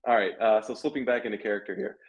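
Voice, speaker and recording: A man's voice: lowish voice, quick pace, muffled recording. A man chatting casually as a livestream panelist, self-deprecating. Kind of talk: casual chat.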